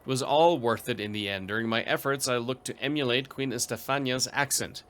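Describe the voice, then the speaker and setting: Bright-voiced man narrating gameplay. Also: mid-range voice, fairly quick. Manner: dry, wry asides, reads event text aloud. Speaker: let's play host. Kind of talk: gameplay commentary reading event text.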